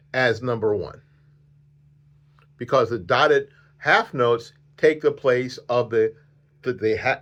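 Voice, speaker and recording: A man's voice: mid-range voice, a bit bright. A man teaching a flute lesson on video, patient and repetitive, counting the student in.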